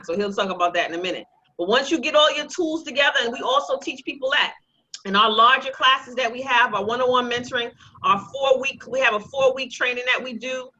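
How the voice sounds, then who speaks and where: A woman with a high, bright, ringing voice teaches a real estate investing class. She mixes jokes with a sales pitch in a lively way, and the sound is dull and lo-fi. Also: a little fast, a little hiss or hum. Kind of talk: live online class presentation.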